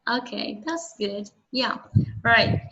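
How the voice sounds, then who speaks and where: A woman's voice: fairly high pitch, slow, vocal fry, sharp tone, lo-fi sound. A woman whose first language is Vietnamese, teaching English one-on-one and explaining patiently with frequent checking questions.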